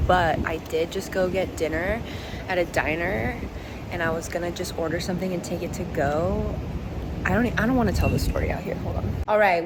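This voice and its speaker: A woman's voice: fairly low pitch, background noise. A young woman telling a story in a chatty, giggly way, talking to a handheld camera for her travel vlog. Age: young adult. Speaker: travel vlogger. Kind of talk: casual vlog chat. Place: hotel room and outdoors. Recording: echoey with loud ambience.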